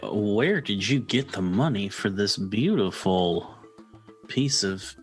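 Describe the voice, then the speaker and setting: A man's voice: on the low side, animated, slow, faint music behind. A man voicing a restless male aviation engineer and war veteran, blunt and eager in manner.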